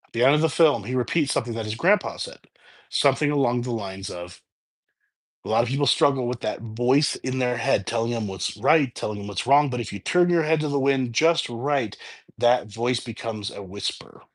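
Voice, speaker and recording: A man chatting through a movie review in a relaxed, unscripted way. His pitch sits in an ordinary middle range. He stumbles, restarts, and piles on fillers as he recounts the story from memory. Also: moderate pace. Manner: rambling plot retelling with restarts, unscripted. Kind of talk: casual spoken film review.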